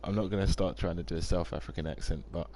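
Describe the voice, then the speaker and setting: A man's voice: deep voice, steady tone, fast talker, mellow, slight background noise. A man, chatting casually on a live game stream, rambling and reading out viewer comments.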